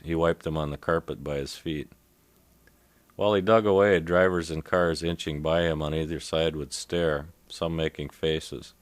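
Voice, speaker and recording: A man reading a comic audiobook chapter aloud in a deadpan narrating style. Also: very deep voice, dry recording.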